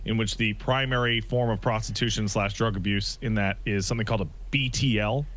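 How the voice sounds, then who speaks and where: Lower-voiced man explaining at an even pace. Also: brisk, slight background noise. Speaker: podcast co-host. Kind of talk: casual chat.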